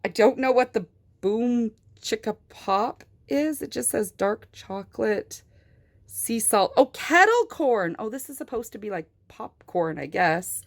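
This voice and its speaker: A young adult woman reviewing toys in an unboxing video, gushing and excitable, gasping with delight. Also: fairly high pitch, unhurried, gravelly. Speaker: toy reviewer.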